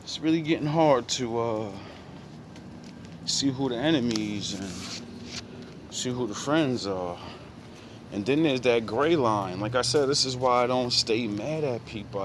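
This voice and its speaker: A man's voice: mid-range voice, a bit bright, slight background noise. A man talking in a casual, reflective monologue, rambling and full of profane street slang. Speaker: vlogger.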